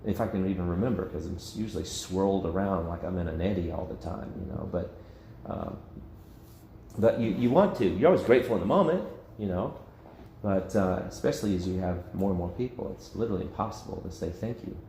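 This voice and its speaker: A man's voice: deep voice, fairly quick, vocal fry, warm tone, roomy sound, slight background noise. A man leading an informal Bible study discussion as pastor, conversational and self-interrupting, often laughing. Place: church meeting room.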